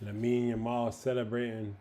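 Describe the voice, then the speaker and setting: A man's voice: medium pitch, little pitch movement, moderate pace. A young man chatting casually on a livestream, slangy, swearing freely and emotional. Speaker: streamer.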